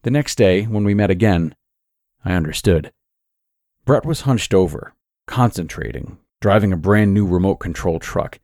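Deep-voiced man narrating a horror story. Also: lively intonation, moderate pace, darkish tone, dry recording, clean studio sound.

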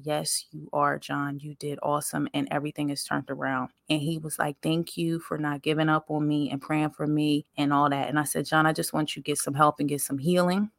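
A woman's voice: low-pitched, fairly bright tone, dry recording, clean studio sound. A woman podcast host speaking, telling a story in a conversational, emphatic, faith-filled way and talking straight to her listeners. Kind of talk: casual storytelling monologue.

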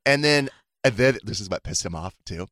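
A man's voice: fairly low pitch, lively intonation, brisk, fairly bright tone, no echo, clean studio sound. A man hosting a casual podcast chat, telling a story dramatically and acting out other people's lines, while getting over a fever. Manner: dramatic storyteller, acts out quotes in big voices. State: recovering from a fever. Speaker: podcast host.

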